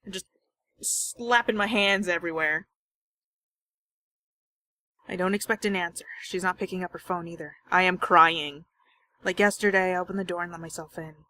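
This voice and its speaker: A woman's voice: on the low side, steady tone, brisk, long pauses, pushed and bright. A young woman reading a visual novel aloud as a game streamer, with dramatic, jokey and panicky reactions.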